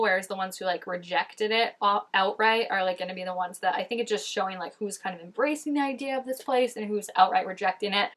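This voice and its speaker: This woman speaks at a medium pitch with a fairly bright tone. Hosting a reaction video, she chats loosely about the scenes and fills her talk with "like."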